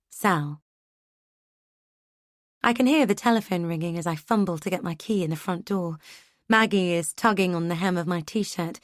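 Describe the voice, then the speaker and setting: A woman reads an audiobook in scripted narration, measured and even. Her voice sits on the low side. The recording is dry and close, with no room sound. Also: no echo.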